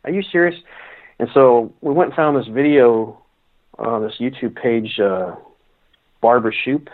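A male guest telling stories in a rambling, halting way, often restarting his sentences. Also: mid-range voice. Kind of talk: casual storytelling. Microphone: phone call. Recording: phone line.

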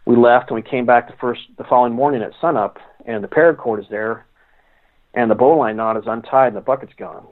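A male guest telling stories in a rambling, halting way, often restarting his sentences. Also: mid-range voice. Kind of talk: casual storytelling. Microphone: phone call. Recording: phone line.

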